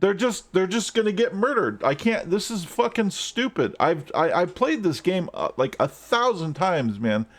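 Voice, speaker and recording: A man's voice: high voice, big pitch swings, moderate pace, few pauses. A man streaming gameplay live, ranting and swearing at the game as he plays. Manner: frustrated, swearing, rants at the game.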